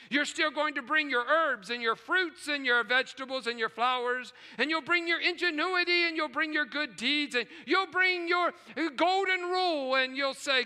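High, bright-voiced preaching man. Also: expressive, moderate pace, big-room sound. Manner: preaching with dramatic swings from hushed to shouting. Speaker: pastor. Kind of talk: sermon. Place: large church sanctuary with choir and orchestra. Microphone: live stream.

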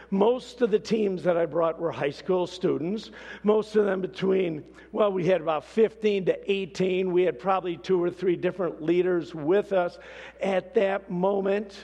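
A man preaching a sermon, telling a story with lively swings from hushed to shouted. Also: sits high, creaky, husky, muffled recording. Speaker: pastor. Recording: long hall reverb.

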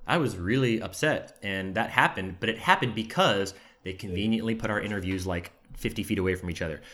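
A man telling stories in a casual chat, talking quickly and animatedly with many filler words. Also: lowish voice. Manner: fast, animated, lots of "like" fillers. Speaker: podcast guest, former reality TV contestant. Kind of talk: casual conversational storytelling.

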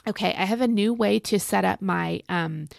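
A woman's voice: mid-range voice, normal speed, gravelly, no echo, studio quality. A woman hosting a casual devotional podcast from home, chatty and folksy, repeating phrases for emphasis. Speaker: podcast host and Bible teacher. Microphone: home recording.

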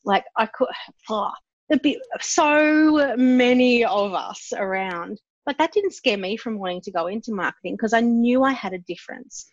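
A woman co-hosting a business podcast, who talks in a bold, animated way about branding and marketing. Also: on the high side, moderate pace, dry recording, highs cut off. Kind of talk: casual business chat.

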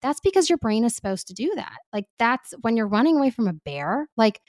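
A woman speaking as a parenting expert guest in casual podcast talk, animated and chatty with lots of fillers. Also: on the high side, brisk, no echo, clean studio sound.

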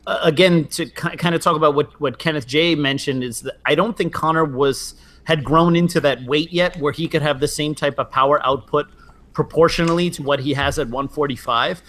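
A man in casual sports chat, talking in a measured, analytical way with frequent fillers. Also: on the high side, fairly bright tone. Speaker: podcast co-host.

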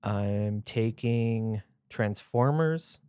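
A man with a fairly low voice co-hosts a casual podcast. He tells stories with eager energy and jumps into guessing games. The recording is dry and close. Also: extremely slow, warm tone, smooth, no room sound. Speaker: podcast co-host. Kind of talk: casual chat.

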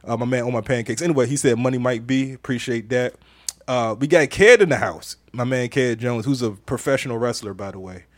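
A medium-pitched man with a brisk delivery hosts a casual podcast live stream, reading viewer comments aloud. He sounds playful, laughs a lot and repeats phrases, with no room sound in the recording.

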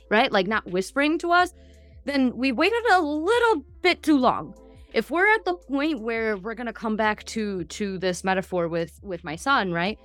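A woman's voice: a little high, no echo. A woman in her thirties, a gut health practitioner hosting a podcast, talking animatedly with lots of fillers and asides. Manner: animated, talks fast with many fillers and asides. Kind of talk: casual podcast conversation.

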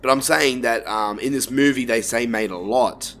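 A man's voice: medium pitch, moderate pace, a bit bright, a little hiss or hum. A man with an Australian accent, hosting a casual film review chat and swearing freely as he talks. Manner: laid-back, swears freely, frequent restarts. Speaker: podcast host.

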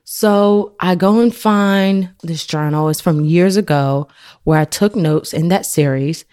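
A woman's voice: fairly low pitch, a little slow, a little mellow, clean tone. A woman in her thirties, a podcast host, telling a personal faith story in an earnest, conversational way.

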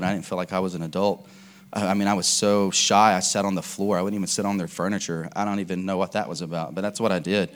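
A man preaching a casual, conversational sermon, telling stories with lots of fillers and restarts. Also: fairly low pitch.

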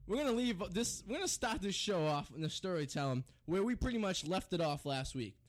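A man's voice: high-pitched, very animated, a little fast. A young man hosting a college radio show, rambling and joking, goading his co-host. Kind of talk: loose banter and singing on air.

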